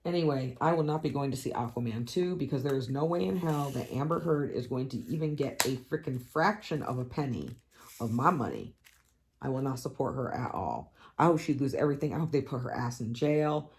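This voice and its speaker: A woman hosting a crafting channel, chatting casually to her viewers in a blunt, animated, profane rant with dramatic swoops up in pitch for emphasis. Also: fairly quick, a little hiss or hum. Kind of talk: casual chat vlog.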